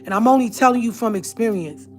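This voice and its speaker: A woman's voice: fairly high pitch, fast talker, darkish tone, faint music behind. A woman telling a personal story to her viewers, speaking in an earnest, emphatic way. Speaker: vlogger.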